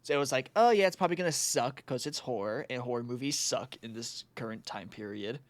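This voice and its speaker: A man's voice: medium pitch, a little fast, dry recording. A young man co-hosting a podcast, chatting casually, laughing and swearing freely. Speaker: podcast co-host. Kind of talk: casual chat.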